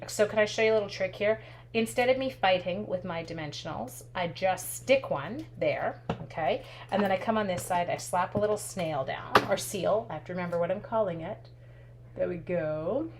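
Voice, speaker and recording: A woman hosting a live stamping demo, chatty and upbeat, thinking aloud and answering viewer comments. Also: mid-range voice. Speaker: craft instructor and live stream host. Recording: steady background noise with clicks.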